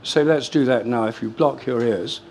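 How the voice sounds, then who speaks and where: An older man lectures to a live audience in a hall, his pitch in an ordinary middle register. He explains things in a measured way, stopping for fillers and restarting his phrases. A faint hum of the room sits behind him. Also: darkish tone. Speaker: speaker giving a talk.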